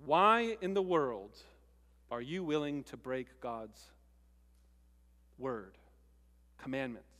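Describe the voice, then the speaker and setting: A man preaching a sermon in a casual, conversational way, stressing words with pauses between them. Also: mid-range voice, big pitch swings, pushed and bright, big-room sound. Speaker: pastor.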